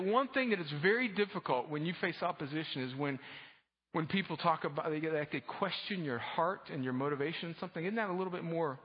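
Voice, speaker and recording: A man preaching a sermon as pastor, casual and joking at times, rising to loud, fervent passages. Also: on the high side, brisk, breathy edge. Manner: casual, humorous preaching that swells to loud fervor. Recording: dull lo-fi sound with long hall reverb.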